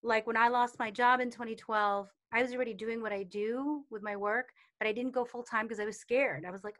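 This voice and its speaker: A woman with a fairly high voice talks about intuition in a chatty way, full of fillers. She acts out little quotes from her students. The sound comes over a video call. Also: steady tone, fairly quick, hardly any pauses, a bit bright. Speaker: meditation and intuition teacher. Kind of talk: casual talk in a live online session.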